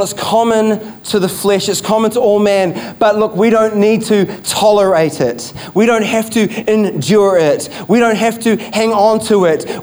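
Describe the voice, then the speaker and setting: Emphatic New pastor, higher voice. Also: male voice, darkish tone. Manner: emphatic, repeats key phrases, rhetorical questions. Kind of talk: sermon.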